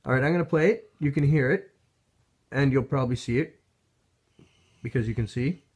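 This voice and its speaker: A man's voice: medium pitch, a little fast, a little mellow, husky. A man from Canada commenting casually into his phone, rambling and sarcastic, with many restarts and chuckles. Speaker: vlogger. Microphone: phone held up to a TV.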